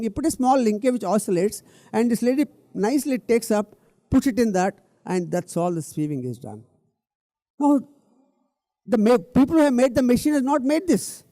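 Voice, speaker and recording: This middle-aged man from India speaks from a stage with earnest conviction, turning straight to his listeners and hammering key words through repetition. His pitch is very high and his tone warm, with no room sound at all.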